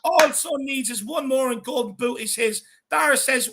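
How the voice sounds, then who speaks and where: A man's voice: very high-pitched, normal speed, bright, forceful tone. A man hosting a live football watchalong, giving passionate, ranting opinions. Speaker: watchalong host.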